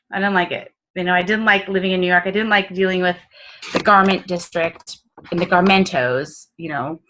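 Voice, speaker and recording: A woman's voice: lowish voice, fairly even intonation, normal speed, noisy background. A woman from the Midwest with a Midwestern accent, telling candid, self-mocking stories in an interview. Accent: Midwestern American. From American Midwest. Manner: chatty and self-mocking, full of fillers and quoted asides. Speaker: business consultant guest.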